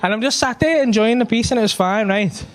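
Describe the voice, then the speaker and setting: A man's voice: very high-pitched, a little fast, a crowd in the background. A young man doing a stand-up routine, rambling and swearing, working himself up into exasperated rants. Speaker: stand-up comedian.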